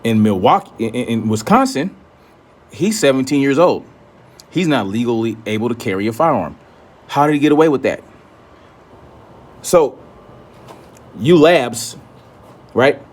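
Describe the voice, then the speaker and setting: A man rants straight at his critics, blunt and profane, daring them to argue. He repeats his points to hammer them home, with his voice sitting at an ordinary middle pitch. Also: expressive, measured pace, pauses often, a little mellow. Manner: repeats himself for emphasis. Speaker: commentator. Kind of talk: ranting commentary.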